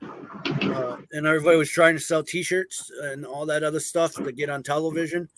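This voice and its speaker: This paranormal investigator and clown performer guests on a paranormal talk show, chatting casually and telling stories unhurriedly with lots of "uh" fillers. His voice runs on the high side at a normal speed, and the recording is dry.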